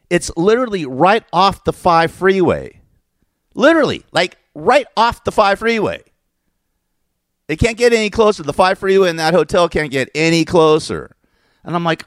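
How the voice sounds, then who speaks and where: In a dry, clean studio recording, a man with a voice on the high side tells a rambling personal story as a vlogger. The casual rant is exasperated, full of curses and self-corrections.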